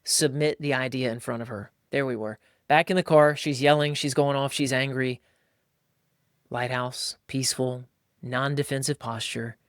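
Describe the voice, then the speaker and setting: A man hosting a podcast, coaching listeners in a lively, casual way and acting out voices as he talks. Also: medium pitch, moderate pace, clean tone, dry recording, clean studio sound. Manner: animated, acts out voices. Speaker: podcast host.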